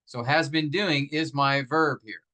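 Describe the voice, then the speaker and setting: Grammar is the subject for this man, whose fairly high voice sounds bright and forceful on a low-quality recording. He explains with patience, step by step, asking the class rhetorical questions; his speech is full of fillers and restarts, slowing to highlight examples.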